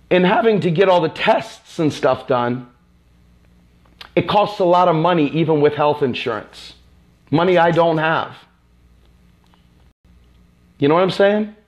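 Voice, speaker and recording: A man from the United States hosting a live stream. He delivers an impassioned, angry political rant that is repetitive and profane. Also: on the high side.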